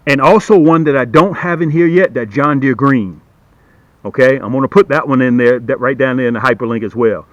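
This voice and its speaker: A middle-aged man casually demonstrating and selling fishing hooks to the camera, talking in a repetitive, lively salesman patter and calling viewers "guys". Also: medium pitch, fairly quick, dry recording, muffled recording. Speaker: fishing gear seller and channel host. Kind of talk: casual product demo to camera.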